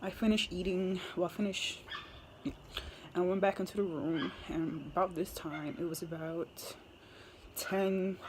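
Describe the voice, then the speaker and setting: A woman's voice: fairly low pitch, steady tone, a little slow, noisy background. A young woman telling a casual story to camera, chatty and laughing often, with lots of fillers. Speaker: military recruit vlogger.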